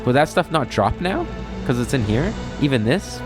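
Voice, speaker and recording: A man's voice: medium pitch, sing-song, normal speed, music in the background. A man casually playing a video game, chatting and reading the on-screen text aloud. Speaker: game channel host. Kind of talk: let's-play commentary.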